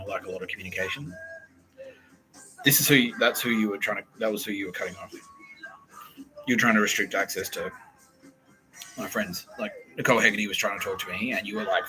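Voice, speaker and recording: Bright-voiced man, ranting. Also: lowish voice, poor audio. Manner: profane, rambling, restarts mid-sentence. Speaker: podcast host. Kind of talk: casual rambling monologue.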